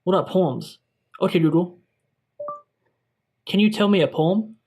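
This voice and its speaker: A man's voice: high voice, a little slow, a little mellow, slightly rough. A young man hosting a mock product review, gushing with over-dramatic enthusiasm. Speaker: tech YouTuber.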